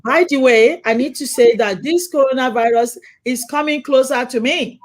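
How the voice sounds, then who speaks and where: A middle-aged woman hosting a casual chat, telling stories in a lively way, acting out quoted lines and laughing often. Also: high-pitched, normal speed. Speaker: host.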